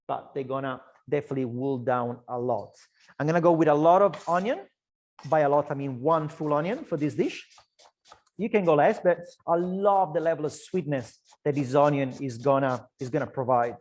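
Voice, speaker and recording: A man with an Italian accent, a chef chatting his way through an online cooking class, loose and talkative with frequent restarts. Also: on the high side. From Italy. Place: kitchen.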